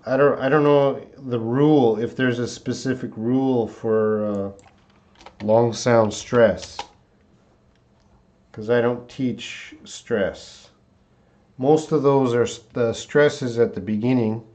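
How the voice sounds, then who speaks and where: A man's voice: medium pitch, steady tone, slow pace, darkish tone. A man teaching English pronunciation on a live stream from a desktop mic, talking casually with many hesitations. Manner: casual, hesitant, reads viewer comments aloud. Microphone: desktop USB mic.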